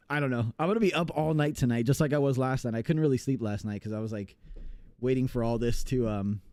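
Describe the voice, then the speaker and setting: A man's voice: medium pitch, mellow, clear, resonant tone, no room sound, clean studio sound. A man from the United States chatting casually on a live game stream, rambling and reading chat aloud with many fillers.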